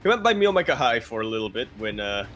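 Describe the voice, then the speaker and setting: A man's voice: medium pitch, sing-song, fast talker, a bit bright, a little hiss or hum. Laid-back joking male co-caster. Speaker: esports co-caster. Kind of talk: casual live commentary banter.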